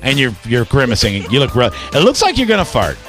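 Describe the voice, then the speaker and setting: A man's voice: mid-range voice, wildly swooping pitch, a little fast, music in the background. A man hosting a radio show, bantering and reading odd news stories in a loose, teasing way. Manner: joking, teasing, reads news items loosely. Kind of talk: casual morning radio banter.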